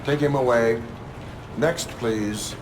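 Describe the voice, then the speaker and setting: A man voicing a stiff, formal cyborg police officer who speaks in a flat, measured, robotic way. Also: mid-range voice, background noise, close to an everyday voice. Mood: stern. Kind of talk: video game voice acting.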